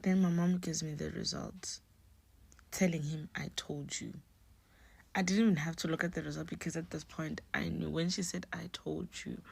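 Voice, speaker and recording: A young woman telling a personal story in a hushed, often half-whispered voice, slipping Nguni words into her English. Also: sits low, gravelly, no room sound. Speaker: storyteller vlogger.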